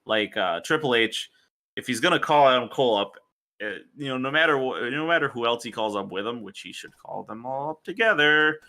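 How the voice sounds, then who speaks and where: A man's voice: mid-range voice, lively intonation, brisk, pushed and bright. A man co-hosting a podcast in loose casual chat, rambling and correcting himself. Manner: rambling, self-correcting, laughs easily. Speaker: podcast co-host. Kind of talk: casual wrestling review chat.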